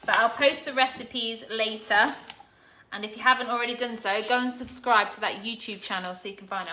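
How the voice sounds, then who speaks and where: A woman's voice: on the high side, fairly even intonation, fairly quick, sharp tone, slight background noise. A woman chatting casually to live viewers while cooking in her home kitchen, laughing often. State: teary from chopping onions. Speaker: cooking vlogger.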